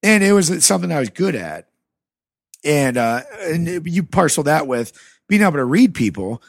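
A man's voice: fairly high pitch, big pitch swings, normal speed, creaky, no echo. Man, from the rust belt, casual storytelling, swears a lot, acts out dialogue, close dry mic. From American Rust Belt. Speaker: podcast guest.

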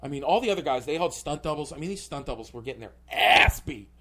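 A man's voice: a little high, expressive, fast, pushed and bright. A male comedian telling a story on a podcast, rambling and full of filler words. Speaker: comedian guest.

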